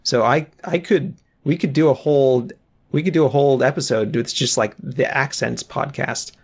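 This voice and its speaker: A man's voice: medium pitch, steady tone, normal speed, husky. A man co-hosting a podcast in casual chat, with dry, wry humor. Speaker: podcast co-host.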